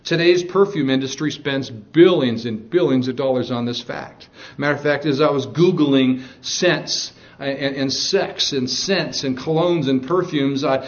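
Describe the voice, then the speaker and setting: A man's voice: mid-range voice, measured pace, few pauses, dull audio. A male pastor preaching a sermon, reading scripture aloud and mixing jokes with stern warnings.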